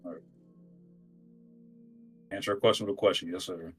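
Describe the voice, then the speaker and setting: A man co-hosting a casual stream chat, mocking and emphatic with drawn-out jabs. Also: low-pitched, steady tone, breathy edge, faint music behind. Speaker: co-host on stream.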